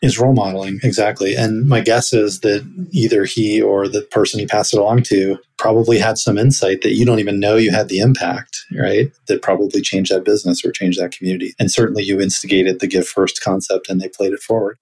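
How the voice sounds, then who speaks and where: A man's voice: fairly low pitch, fairly even intonation, brisk, hardly any pauses, a little mellow, breathy edge. A man hosting an interview, affirming his guest's points and asking follow-up questions. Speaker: interviewer, host. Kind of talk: conversational interview.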